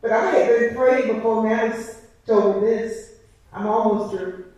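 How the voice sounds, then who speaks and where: A woman delivers an impassioned church testimony, building her points through rhythmic, emphatic repetition. Her voice sits high for her sex, and it reaches the listener from a distance in a very echoey church. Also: fairly even intonation, unhurried, warm tone, highs cut off. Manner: preaching cadence with emphatic repetition. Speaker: licensed preacher giving a testimony.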